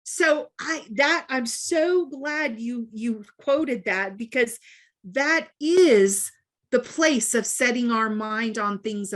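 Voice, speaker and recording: A woman's voice: on the high side, fairly bright tone. A woman sharing in an online lesson, speaking in an emphatic, decreeing way. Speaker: participant. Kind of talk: fervent spiritual sharing.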